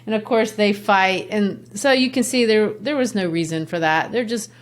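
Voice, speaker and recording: A woman's voice: medium pitch, normal speed. A woman from Brazil, hosting a podcast and explaining a classic play in a chatty way with asides. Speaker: literature teacher and podcast host. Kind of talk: conversational literature lesson.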